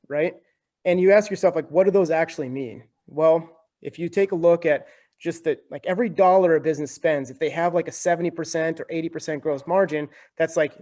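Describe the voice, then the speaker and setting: A man's voice: a little high, a little mellow. A young man as a podcast guest, explaining things in a talkative, casual way and often tagging sentences with "right?" and "like". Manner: talkative, keeps adding "right?" and "like".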